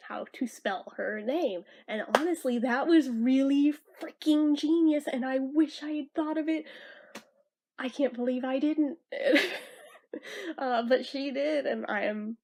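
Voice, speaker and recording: A woman's voice: a little high, gravelly, warm tone. A young woman vlogging in casual chat, rambling, laughing often and swearing casually.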